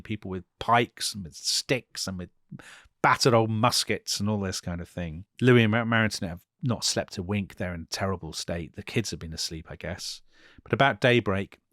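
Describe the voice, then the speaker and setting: Deep-voiced and a bit bright, this history podcast co-host brings events to life, voicing the story's figures in quoted speech. The recording is dry and studio quality.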